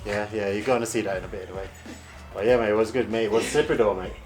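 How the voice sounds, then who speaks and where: A man's voice: fairly low pitch, fairly even intonation, rapid-fire, a little mellow. A man vlogging as army gym staff, joking in casual banter with slang and frequent laughs. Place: indoor gym. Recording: echoey gym with music.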